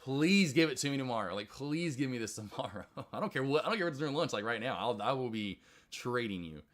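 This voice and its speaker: A man hosting a live stock trading stream, chatting casually with viewers in an excitable, rambling way. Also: medium pitch, fast. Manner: excitable, chatty, quotes others in loud outbursts. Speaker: stock trading livestream host.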